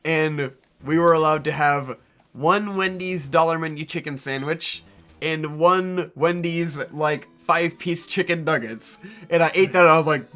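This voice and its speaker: A man co-hosting a casual chat, telling a long story in an animated way and swearing freely. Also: fairly high pitch, a little slow, soft background music. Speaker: co-host.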